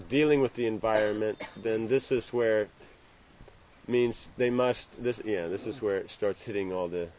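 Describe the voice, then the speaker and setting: A man giving an informal scripture class. He speaks haltingly, restarting phrases and tagging lines with "you know". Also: on the low side. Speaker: religious teacher. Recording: dull lo-fi with faint ambient hiss.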